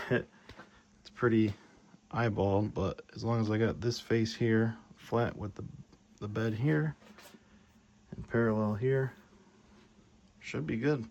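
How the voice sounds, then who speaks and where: A young man with a gravelly, creaky voice talks his way through a casual workshop vlog, thinking aloud and getting excited as he works. A faint hiss of noise sits under the voice. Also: lowish voice, dull audio. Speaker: maker vlogger.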